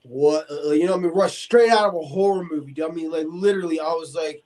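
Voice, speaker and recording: Guy in his 40s rambling through a story, kinda high voice, acts out the quotes, lots of "like" and "dude". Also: fast talker. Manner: animated, acts out quoted voices, many fillers. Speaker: guest. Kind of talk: casual storytelling.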